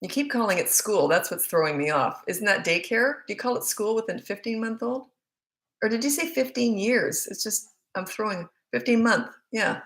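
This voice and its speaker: A woman's voice: medium pitch, expressive, moderate pace, a bit bright. Blunt chatty woman, roomy echo. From Australia. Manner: chatty, blunt, reads out comments and answers them directly. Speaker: parenting coach answering viewer questions. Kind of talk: casual live Q&A chat.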